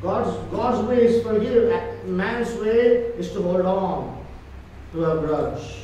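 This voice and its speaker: High-voiced preacher in an echoey church. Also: male voice, slow, mellow, dull audio, a little hiss or hum. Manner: emphatic, repetitive preaching. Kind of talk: church sermon. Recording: echoey church hall from far off.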